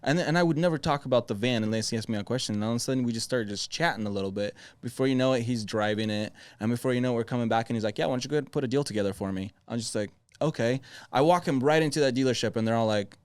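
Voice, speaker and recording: A man tells a relaxed sales story on a podcast, laughing easily as he goes. His voice is smooth and resonant. The mic is close, and the sound is dry with no room echo. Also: mid-range voice, racing, hardly any pauses. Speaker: sales executive, podcast guest. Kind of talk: casual podcast chat.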